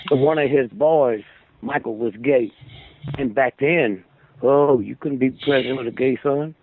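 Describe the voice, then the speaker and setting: A man's voice: medium pitch, measured pace, a little hiss or hum. An older man holding forth as a guest, preaching in long rambling stories and asking his listener for agreement. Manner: preachy, asks "Hmm?" for agreement. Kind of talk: rambling storytelling monologue. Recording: phone-line radio call.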